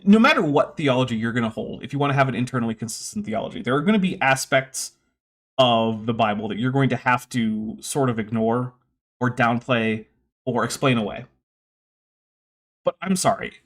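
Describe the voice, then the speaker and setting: A man hosting a livestream, giving opinionated commentary with sarcastic asides and reading out viewer comments. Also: medium pitch.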